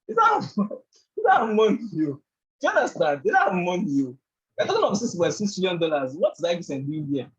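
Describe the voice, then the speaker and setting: A man's voice: high-pitched, breathy edge, lo-fi sound. A man teaching a live online trading bootcamp on a group call. He keeps checking in with his listeners, asking "do you understand?" and "right?", and he often says "actually". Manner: leans heavily on "actually" and "all of that". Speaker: trading instructor.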